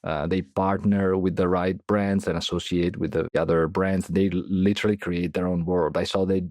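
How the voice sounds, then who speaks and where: A man's voice: sits low, level tone, normal speed, a little mellow, no room sound, studio quality. A man answering as a podcast guest in a casual, hesitant way, with many fillers and restarts.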